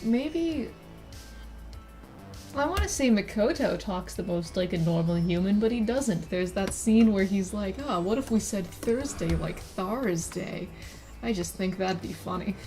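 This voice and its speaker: With faint music behind her, a woman VTuber chats while drawing on a live stream in a warm, medium-pitched voice at normal speed. She rambles casually, interrupting herself with giggly asides.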